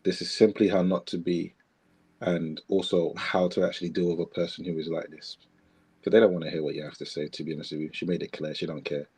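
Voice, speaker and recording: A man's voice: low voice, level tone, quick pace, darkish tone, breathy edge. A man co-hosting a podcast, commenting in a casual, reflective way with emphatic repeated phrases. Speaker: podcast co-host.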